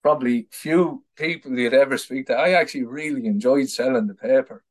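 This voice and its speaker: A man's voice: mid-range voice, a little fast. An Irish man in his thirties, a political activist guest telling stories in casual conversation, often repeating words and laughing at his own anecdotes. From Ireland.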